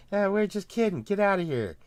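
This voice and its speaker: Man doing a high, fretful bureaucrat who hushes and placates, dry close sound. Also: sing-song, normal speed, no room sound. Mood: hushing. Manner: high hushed pleading, shushing. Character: male county official, nervous and placating.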